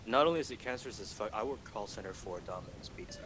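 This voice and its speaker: A man's voice: lowish voice, animated, fast talker, crowd noise. A young man from Malaysia with an American accent, chatting casually and sardonically while gaming on a stream. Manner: rambling, anecdotal, sardonic. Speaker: streamer and host.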